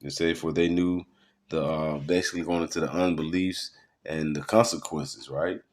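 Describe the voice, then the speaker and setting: A man's voice: a bass voice, steady tone, moderate pace. A man teaching in a loose sermon style, rambling through web articles with many fillers. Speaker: preacher.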